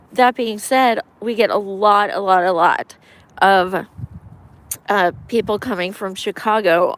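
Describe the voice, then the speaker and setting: A woman from Pennsylvania, a campaign volunteer, chatting casually on a live stream, emphatic and excited, swearing, with lots of ums. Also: medium pitch. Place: outdoors in winter.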